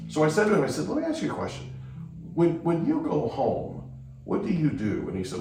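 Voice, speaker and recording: A man hosting a podcast, telling a story with lively asides and frequent "right?" checks. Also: fairly high pitch, a little fast, slight background noise. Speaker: podcast host. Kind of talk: storytelling in a conversation. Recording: echoey room, distant mic.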